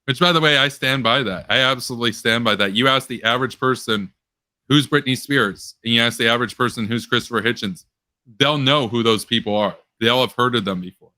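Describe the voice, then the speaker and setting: A young man hosting a casual online post-show chat, rambling and sarcastic, his pitch jumping up when he gets worked up. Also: quick pace, sharp tone, clean tone, no echo. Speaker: political commentary host.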